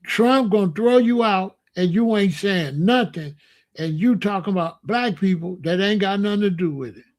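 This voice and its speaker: A high-pitched Chicago man, working as a commentator, rants to camera at a moderate pace. His monologue is emphatic and repetitive, and he stretches out words for emphasis.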